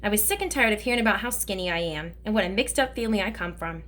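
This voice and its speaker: A woman reading a novel aloud in first person, with plain, even narration. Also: medium pitch, racing. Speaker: reader.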